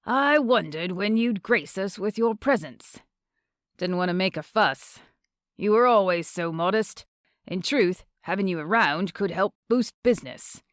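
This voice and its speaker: A gruff old male surf shop owner with a booming Australian accent, as a woman narrator puts him on. He talks in a laid-back, chatty way, in a dry, close audiobook recording. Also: expressive, unhurried, no echo, close to an everyday voice.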